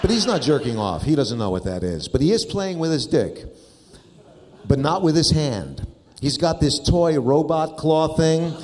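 A man's voice: on the high side, animated, normal speed, darkish tone. A man doing stand-up, telling a family story in a wry, exasperated way. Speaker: stand-up comedian. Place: comedy club stage. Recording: live stage recording with reverb and background noise.

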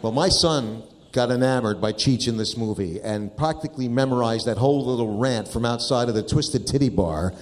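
A man's voice: medium pitch, normal speed, hardly any pauses. A man doing stand-up, telling a family story in a wry, exasperated way. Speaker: stand-up comedian. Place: comedy club stage. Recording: live stage recording with reverb and background noise.

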